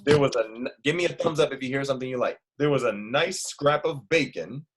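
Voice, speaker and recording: A man's voice: medium pitch, brisk, breathy edge. A male teacher reading a storybook aloud to children and stopping to ask them questions. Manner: lively, asks the children questions.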